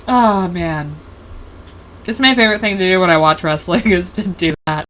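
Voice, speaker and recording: A woman's voice: on the low side, lively intonation, unhurried, a bit bright, slight background noise, poor audio. A woman hosting a casual livestream, rambling through tangents and laughing often. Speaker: host.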